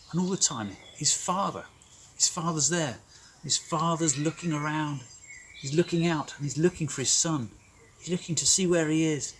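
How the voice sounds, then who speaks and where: A man leading a children's club, telling a Bible story in an animated, emphatic way. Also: medium pitch, a little hiss or hum.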